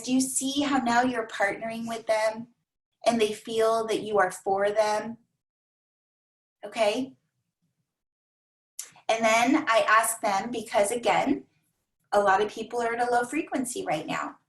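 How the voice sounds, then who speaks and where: A woman coaches her team with energy, repeating key words and slipping into her clients' voices. Her voice sits a little high, and the room around her rings with echo.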